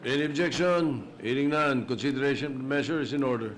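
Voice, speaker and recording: A man presiding over a session, giving brief and measured procedural rulings. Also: medium pitch, heavy background noise. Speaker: presiding officer.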